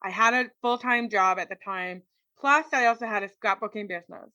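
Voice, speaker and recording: Woman, interview guest, vivid personal story, quotes others, bright voice, dry close sound. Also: mid-range voice, fairly quick, no echo. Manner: lively storyteller, quotes people, frequent "like". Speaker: interview guest, motivational speaker.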